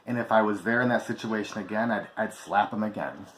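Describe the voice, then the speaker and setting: A man's voice: lowish voice, brisk, a bit bright, slight background noise. A man telling a personal story to camera in a vlog, candid and emphatic, swearing freely. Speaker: vlogger. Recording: echoey room with faint ambience.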